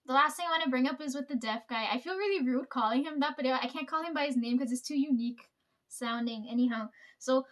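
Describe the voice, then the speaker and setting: A woman's voice: sits high, fast talker, fairly bright tone. A young woman vlogging a rambling, profane story about her coworkers, laughing often as she tells it. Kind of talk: casual storytelling.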